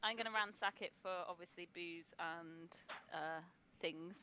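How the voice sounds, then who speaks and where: A British woman playing a tabletop game, trading bawdy, deadpan quips. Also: on the low side, measured pace, lo-fi sound. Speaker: player.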